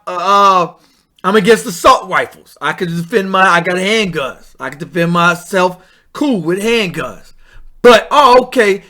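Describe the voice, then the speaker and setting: High bright-voiced man ranting. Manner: animated, blunt ranting. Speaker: vlog host. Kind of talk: opinionated news commentary.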